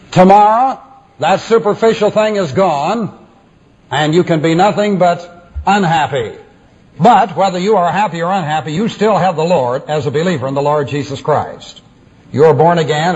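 A male preacher giving a sermon in a measured, emphatic way, repeating refrains for weight, on a dull lo-fi recording. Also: sits high, a little mellow, slightly rough.

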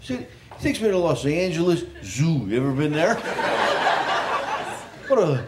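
A male stand-up comedian on a club stage, telling a mocking story in an animated way. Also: fairly high pitch, normal speed. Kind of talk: stand-up set. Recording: noisy echoey club with loud crowd.

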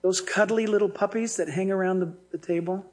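A man voicing Jesus as a calm, gentle teacher in a sermon retelling. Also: high-pitched, a little fast, close to an everyday voice.

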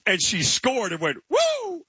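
A man's voice: mid-range voice, lively intonation, a little fast, sharp tone, breathy edge, dry recording. A man co-hosting a sports radio show in casual chat, telling stories eagerly and stumbling over his words. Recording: dull lo-fi broadcast sound.

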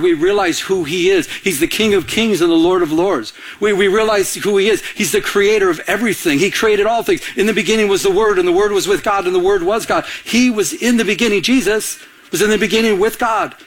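A man's voice: sits high, fairly quick. A man preaching a sermon to a congregation, asking for amens and acting out the scripture he quotes. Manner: animated preaching with audience call-outs and acted-out quotes. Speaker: pastor.

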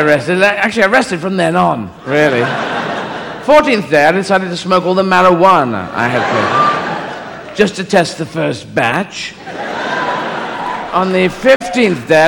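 A man's voice: on the high side, vocal fry. A man playing God as a lazy, stoned old creator, laughing through his lines on a noisy live stage recording. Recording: live stage recording in a hall with room noise.

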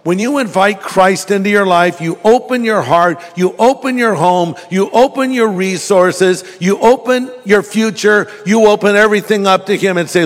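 A man preaching a sermon in church, slipping into jokey stories with an animated, lively delivery. His fairly high voice rings out with a long hall reverb. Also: moderate pace, hardly any pauses. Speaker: pastor.

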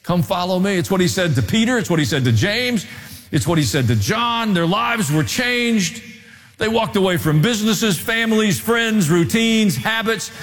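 A man preaching in a large church sanctuary, his slightly high voice trailing off into a long reverb. He tells the story with animated swings of pitch and dramatic pauses. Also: faint music behind. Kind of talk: sermon.

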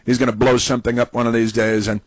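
A male talk radio host delivers opinionated commentary in a rambling, sarcastic way. His voice sits at a middling pitch. The recording is dry and close, with no room sound. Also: flat delivery, quick pace, no room sound, low-quality recording.

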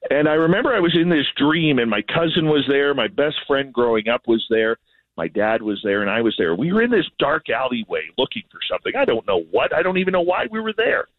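A man's voice: mid-range voice, a little fast, dry recording. Canadian man over a tinny phone line. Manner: animated, self-deprecating storyteller. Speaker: radio host, guest. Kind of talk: casual chat, storytelling.

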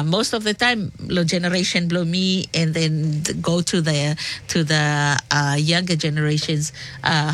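A young woman from the Solomon Islands hosts a casual radio segment, speaking with a Solomon Islands Pijin accent. Her voice sits a little low, and she drifts between English and Pijin, pausing on frequent fillers. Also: fairly bright tone. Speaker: radio presenter.

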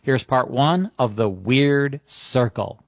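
A man hosting, giving a relaxed introduction to an old radio drama, with fillers. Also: medium pitch, slow, gravelly, no room sound. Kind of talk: casual introduction.

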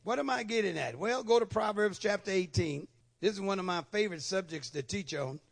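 A man's voice: high voice, brisk, gravelly. A middle-aged male pastor preaching a sermon in church, with repeated call-and-response questions to the congregation.

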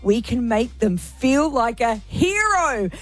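A woman's voice: on the high side, big pitch swings, slow. Earnest Australian woman radio host. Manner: emotional, earnest appeal to listeners. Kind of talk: talk radio chat.

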